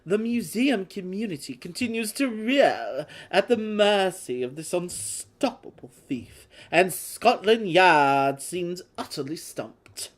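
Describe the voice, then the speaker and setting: A woman's voice: on the low side, expressive, slow pace, few pauses. Woman doing a Victorian newspaper crier, put-on British accent, theatrical, swooping delivery. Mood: dramatic. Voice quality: theatrical, exaggerated. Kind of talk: dramatic reading.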